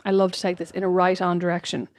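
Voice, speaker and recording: A woman's voice: on the low side, little pitch movement, fast, no echo, clean studio sound. Joking Irish woman co-hosting a podcast. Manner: joking, laughs often. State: pregnant. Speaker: podcast co-host. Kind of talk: casual chat.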